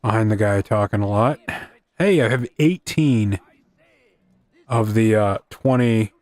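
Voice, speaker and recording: A man's voice: lowish voice, unhurried, a little mellow, no room sound. Rambling man playing a video game. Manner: rambling, self-deprecating quips. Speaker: gaming video host. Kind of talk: casual gameplay commentary.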